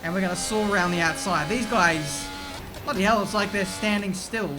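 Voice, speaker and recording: An excitable man commentating his racing game, chatty and mildly sweary, with game music behind him. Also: high voice, moderate pace. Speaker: gaming video creator.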